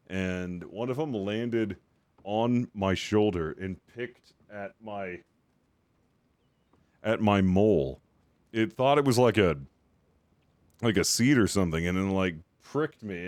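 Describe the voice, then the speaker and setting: A man's voice: lowish voice, darkish tone, no echo. A man streaming a game, chatting casually with viewers in a rambling way and swearing freely.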